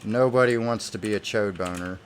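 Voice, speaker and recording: A man talks over his gameplay in a fairly low voice, irritated and swearing nonstop. He speaks into a desk microphone with a faint hiss underneath. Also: fairly quick. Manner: irritated, heavily profane ranting. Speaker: gamer. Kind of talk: gameplay commentary.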